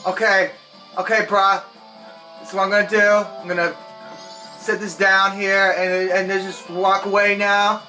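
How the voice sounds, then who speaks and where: A young man giving goofy, rambling commentary over a video game, now and then breaking into shouts and whoops. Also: high voice, little pitch movement, a little slow, long pauses, faint music behind. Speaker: gameplay commentator. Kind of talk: playful let's-play commentary.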